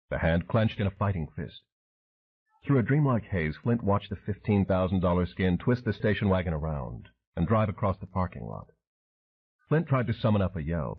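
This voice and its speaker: A low, husky male voice narrates a thriller audiobook, telling the scripted story dramatically. The audio sounds tinny, like it came through a phone.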